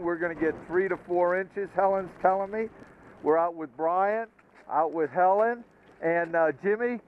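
Enthusiastic New man, mid-run on the slopes, muffled lo-fi helmet cam. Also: high voice. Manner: enthusiastic, folksy, talking while skiing. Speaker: ski vlogger giving a snow report. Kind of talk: casual on-slope snow report. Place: outdoors on a snowy ski mountain. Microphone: action camera on the skier. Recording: lo-fi action camera with wind noise.

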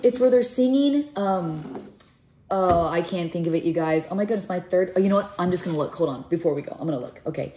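A woman's voice: on the low side, animated, quick pace, a little hiss or hum. A middle-aged woman vlogger, a mother, chatting casually to camera in a rambling, emotional way. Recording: echoey room with soft music.

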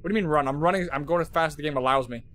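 A young man streaming a horror game, jumpy and swearing, talking to his chat and shouting at those who laugh at him. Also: on the high side, very fast, a little hiss or hum. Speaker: gaming streamer. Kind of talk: live horror game commentary. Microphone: headset.

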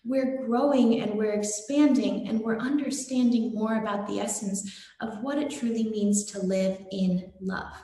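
A woman giving a gentle, devotional sermon and telling a story, with some fillers. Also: medium pitch, steady tone, unhurried. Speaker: satsang speaker. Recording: very echoey room.

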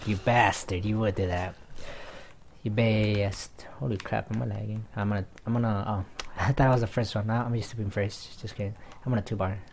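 Rambling, excitable young gamer guy. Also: on the low side, a little fast, creaky, a little hiss or hum. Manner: rambling, easily distracted, excitable outbursts. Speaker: gaming YouTuber. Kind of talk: casual gameplay commentary. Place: home room in front of TV.

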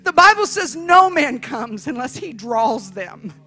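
A woman evangelist preaching a sermon as a dramatic story, swinging from hushed telling to emphatic shouting. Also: high-pitched, very animated, unhurried, soft background music.

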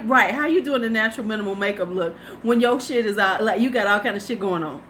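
A woman's voice: medium pitch, fairly quick, few pauses, fairly bright tone, a little hiss or hum. A woman in her fifties, a beauty vlogger hosting a live stream, chatting casually, laughing and greeting her viewers. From United States.

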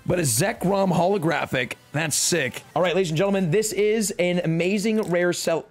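A young man excitedly opening card packs on a live stream, joking and talking slangily to his chat. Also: high-pitched, normal speed, soft background music. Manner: hyped, jokey, talks to chat, slangy.

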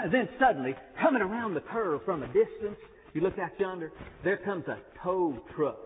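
A man's voice: sits high, lively intonation, normal speed, slight background noise. A man doing a folksy Southern sheriff. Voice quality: folksy drawl. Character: easygoing Southern small-town sheriff man, folksy storyteller. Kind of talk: comic chapel skit. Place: chapel. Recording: tinny echoey chapel recording.

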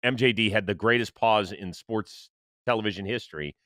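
A man's voice: fairly low pitch, dry recording, studio quality. A man hosting a sports podcast, ranting in casual chat and swearing freely. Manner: animated, profane, quick to rant. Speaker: podcast host.

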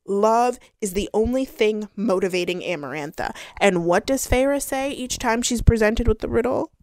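A woman's voice: fairly high pitch, normal speed, few pauses. Sarcastic woman ranting a book review. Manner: sarcastic, exasperated, animated. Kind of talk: casual rant review.

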